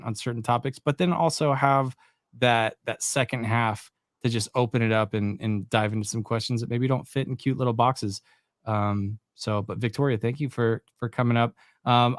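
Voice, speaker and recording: A man's voice: medium pitch, dry recording, studio quality. Easygoing man hosting an audio chat. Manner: upbeat, easygoing, swears casually. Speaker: host. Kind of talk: casual chat in a live audio room.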